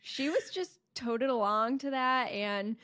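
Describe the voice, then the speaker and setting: A woman in her twenties co-hosting a podcast, telling a story in a lively, laughing way. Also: fairly high pitch, slow, no echo, studio quality. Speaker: podcast co-host. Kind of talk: casual chat.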